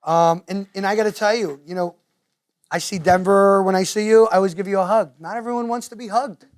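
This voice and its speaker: A high-voiced man from New Jersey, appearing as a guest speaker, delivers a lively, animated talk to parents in a meeting room in front of a live audience. He tells stories and readily imitates other people.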